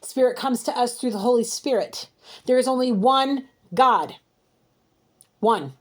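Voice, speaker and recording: A woman with a high voice delivers an intuitive card reading. She scolds emphatically, piling up repeated words as she rants at her unseen listener. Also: normal speed. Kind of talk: heated spiritual card reading.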